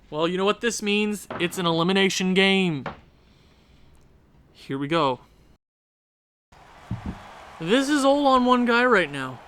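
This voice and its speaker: A young man commentating his own hockey video game, swinging from low muttering to shouting at his team. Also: lively intonation, moderate pace, pauses often, dry recording. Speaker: gaming YouTuber.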